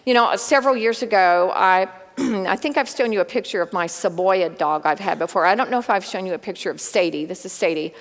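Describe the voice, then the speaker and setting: A woman teaching a women's Bible study in a conversational, animated way, talking straight to her group. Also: mid-range voice, brisk, in a large hall.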